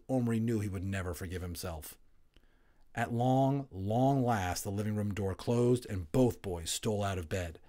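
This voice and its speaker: A man narrating a children's novel aloud, expressive and building tension, dropping to hushed tones in quiet moments. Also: lowish voice, normal speed. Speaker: audiobook narrator. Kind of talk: storybook read-aloud narration.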